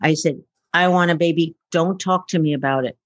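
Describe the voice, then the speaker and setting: With a low voice and a slightly quick delivery, this futurist relates personal tales in a casual interview. She uses many fillers and acts out the conversations. The audio sounds dull.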